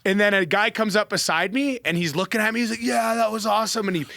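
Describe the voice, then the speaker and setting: A man with a fairly high, bright voice tells a story on a podcast in an animated, casual way, leaning on "like" as filler. He is recorded close to the mic in a dry, dead room. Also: fast, dry recording. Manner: animated, heavy use of "like" fillers. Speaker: pro athlete guest.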